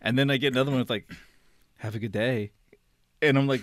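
Rambling, animated man telling a story. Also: mid-range voice, quick pace, no echo, studio quality. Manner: rambling, animated, acts out quotes, laughs often. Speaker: podcast co-host. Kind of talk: casual storytelling chat.

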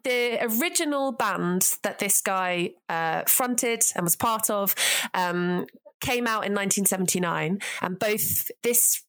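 A woman, a music writer, chatting as a podcast guest, enthusiastic and quick to laugh. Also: mid-range voice, a bit bright. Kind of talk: casual chat.

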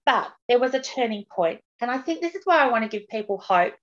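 A woman's voice: fairly high pitch, expressive, fast talker. A woman guest on a podcast, speaking openly and earnestly about her own hardships in a candid interview. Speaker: podcast guest, patient advocate. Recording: dull lo-fi audio.

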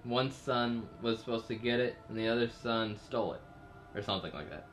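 A man's voice: medium pitch, a little fast, slight background noise. A man casually recapping a TV episode's plot for a podcast, rambling with fillers and jokey asides. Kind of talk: casual chat.

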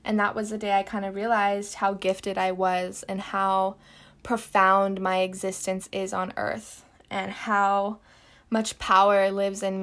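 A woman's voice: mid-range voice, a bit bright. A young woman hosting a podcast, telling a personal story in an emphatic way, repeating words and swearing casually. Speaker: podcast host.

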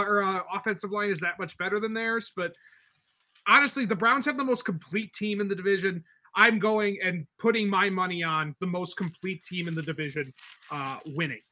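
Young male podcast co-host, high bright voice, hesitant and filler-heavy. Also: fairly quick. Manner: hesitant, many fillers and restarts. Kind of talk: casual sports debate.

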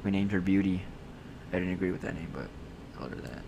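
Low-voiced young man telling a story. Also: fast talker, vocal fry, background noise. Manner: storytelling, gets loud and excited at the punchline. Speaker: podcast co-host. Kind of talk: casual chat.

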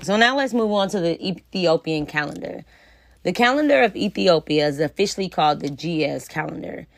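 A woman's voice: on the low side, animated, brisk, vocal fry. A woman hosting a podcast, talking through her opinions in a blunt, emphatic, profane way and often turning to the listener with rhetorical questions. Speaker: podcast host. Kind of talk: casual opinion monologue.

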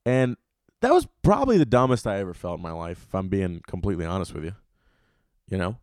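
A man's voice: low-pitched, sing-song, fast, darkish tone, no echo, studio quality. A young man hosting a comedy podcast solo, ranting and telling stories in a loose, profane, rambling way. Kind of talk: casual solo podcast rant.

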